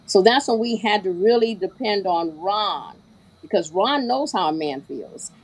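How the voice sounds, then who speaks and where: Brief: woman podcast panelist, husky tone, earnest. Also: mid-range voice, animated, a little slow, rough recording. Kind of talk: casual podcast chat.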